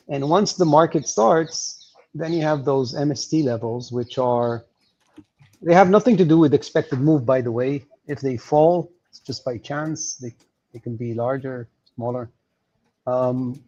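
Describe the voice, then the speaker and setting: A man's voice: medium pitch, moderate pace, warm tone, lo-fi sound. Hesitant man explaining market levels. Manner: explanatory, hesitant with many fillers. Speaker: market analyst guest. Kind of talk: livestream market analysis.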